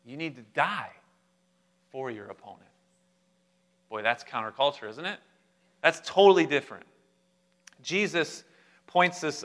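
Bright-voiced young male pastor preaching. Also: medium pitch. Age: young adult. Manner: animated, humorous, talks directly to the congregation. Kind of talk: sermon.

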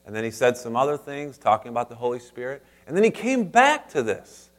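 A man preaches a sermon at an everyday middle pitch. He rises to loud, emphatic lines and then drops to soft, hushed asides. He keeps turning to the congregation with direct questions. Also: sing-song, brisk. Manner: speaks straight to the congregation with questions. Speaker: pastor.

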